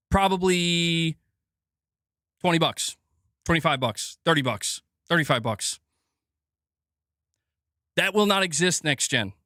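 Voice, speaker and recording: A man's voice: high-pitched, sharp tone, no echo, studio quality. A male gaming news streamer in a heated, sarcastic and profane livestream rant.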